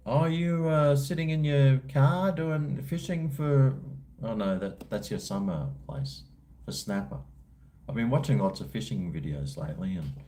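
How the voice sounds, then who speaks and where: Aussie man, mellow tone, rambling livestream host chatting with viewers. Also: sits low, slight background noise. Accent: Australian. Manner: rambling, laid-back, slangy. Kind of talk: casual chat answering viewers live.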